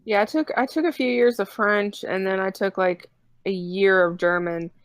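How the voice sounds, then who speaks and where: A woman's voice: medium pitch, normal speed, dry recording. A woman from Kentucky with a Southern US accent, chatting casually and easily as a stream guest. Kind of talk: casual chat.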